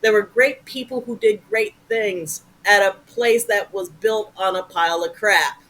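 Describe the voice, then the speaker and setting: Bright-voiced animated woman storyteller. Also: mid-range voice, unhurried, low-quality recording. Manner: animated, profane, acts out voices. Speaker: guest. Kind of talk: casual storytelling interview.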